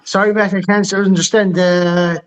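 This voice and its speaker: High-voiced Kerry man hosting. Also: flat delivery, measured pace, clear, resonant tone. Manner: dry, teasing, steers the talk along. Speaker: podcast host. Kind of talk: hosting a live sports chat.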